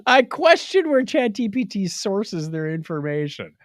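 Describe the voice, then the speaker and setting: A man's voice: high-pitched, measured pace, dry recording, studio quality. A man co-hosting a podcast, casually recapping tech news and reading quotes out in playful voices. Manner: animated storyteller, reads quotes in playful voices. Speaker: podcast co-host.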